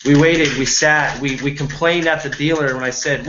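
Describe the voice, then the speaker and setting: Rambling, earnest male home business coach, high-pitched, on a dull lo-fi recording. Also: steady tone, moderate pace, hardly any pauses, bright, forceful tone, a little hiss or hum. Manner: rambling and earnest, checks in with "right?" and "okay?". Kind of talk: motivational talk to camera.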